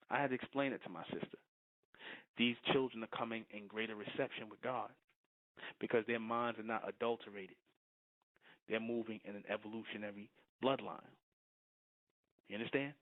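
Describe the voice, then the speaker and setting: A man preaching to followers, repeating his points and often asking whether listeners understand. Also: mid-range voice. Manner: repetitive, keeps asking "you understand?". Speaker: spiritual teacher. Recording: thin phone-like lo-fi audio.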